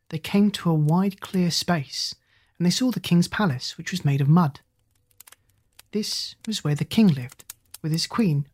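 A narrator reading a children's storybook aloud in a steady, gentle way. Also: mid-range voice. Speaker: audiobook narrator.

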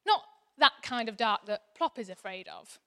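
A woman in her thirties delivering a sermon. Her high, bright voice carries a chatty, animated warmth at times and a soft earnestness at others. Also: normal speed. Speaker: preacher.

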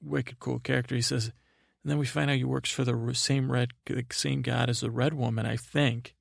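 A man's voice: mid-range voice, level tone, normal speed, creaky, dry recording, clean studio sound. A man hosting a podcast, giving a rambling recap meant to lull listeners to sleep, meandering and full of fillers. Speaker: podcast host. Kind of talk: drowsy rambling episode recap.

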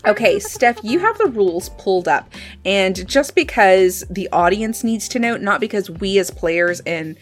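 A woman's voice: medium pitch, lively intonation, unhurried, faint music behind. A woman hosting a tabletop role-play podcast as game master, playful and upbeat.

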